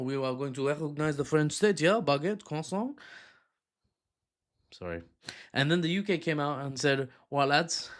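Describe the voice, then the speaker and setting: A man giving casual news commentary on politics, joking around and breaking off into silly asides and quick apologies. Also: medium pitch. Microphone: handheld or desk mic.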